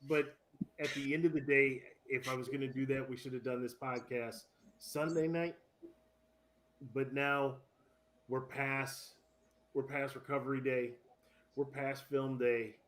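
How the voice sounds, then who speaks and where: Male sports podcast co-host, casual and animated, laughs at his own jokes. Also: mid-range voice, unhurried, pauses often, slight background noise.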